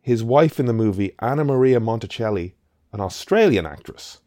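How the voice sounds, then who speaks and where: A man's voice: mid-range voice, lively intonation, moderate pace, dark tone, no echo. A man co-hosting a podcast, chatting casually about a film in a rambling, emphatic way with the odd swear. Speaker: podcast co-host. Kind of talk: casual film review chat.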